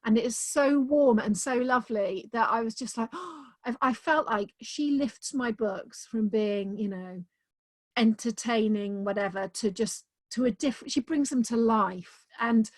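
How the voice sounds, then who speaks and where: An author being interviewed chats casually and enthusiastically in a slightly high female voice, dropping plenty of "um"s. The sound is dry and close.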